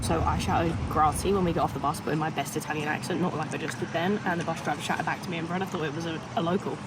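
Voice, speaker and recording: A woman's voice: low-pitched, fairly even intonation, fast, noisy background. A young woman vlogging a hiking trip, chatty and self-mocking as she narrates. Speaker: travel vlogger. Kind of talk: casual travel vlog narration. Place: outdoors on a mountain trail.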